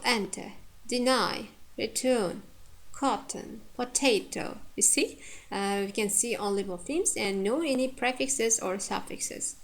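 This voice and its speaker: Woman, English pronunciation teacher, very slow pace, repeats example words, hesitant fillers. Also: fairly high pitch. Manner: repeats each example word slowly for emphasis. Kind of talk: spoken lecture on word stress.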